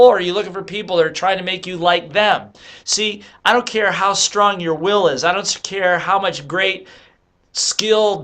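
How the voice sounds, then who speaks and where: A man's voice: a little high, fairly bright tone. A man giving an emphatic motivational talk to the camera, coaching listeners with rhetorical questions. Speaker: motivational speaker and author. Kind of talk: motivational monologue.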